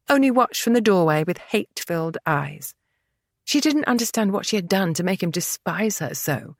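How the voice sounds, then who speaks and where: In this scripted narration, a woman with a mid-range voice reads a historical romance as an audiobook narrator. She moves at a moderate pace with steady drama, and the studio recording is clean and dry.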